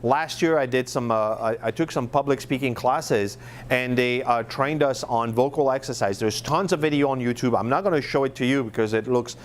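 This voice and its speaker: There's a faint hiss or hum behind this man's medium-pitched, moderately paced voice. He's a middle-aged Frenchman, accented accordingly, running a marketing workshop in an easygoing, chatty way full of fillers and false starts.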